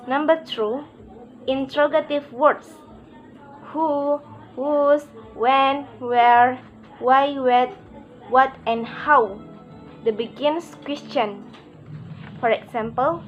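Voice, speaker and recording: High-voiced woman reading a lesson slowly. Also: muffled recording, faint music behind. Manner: halting, reads word by word with pauses. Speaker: presenter of a pronunciation lesson.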